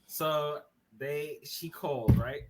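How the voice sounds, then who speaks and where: A man with a New York accent, a podcast guest telling a story from his bedroom over a webcam, animated and swearing, laughing as he goes. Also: fairly high pitch, slow pace, heavy background noise. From Brooklyn, New York. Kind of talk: casual podcast chat, storytelling. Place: bedroom at home.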